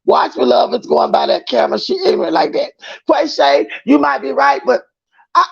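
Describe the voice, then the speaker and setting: A man's voice: very high voice, vocal fry, husky, lo-fi sound. A man hosting a livestream, chatting and gossiping casually as he reads viewer comments and greets each one as boo. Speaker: livestream host.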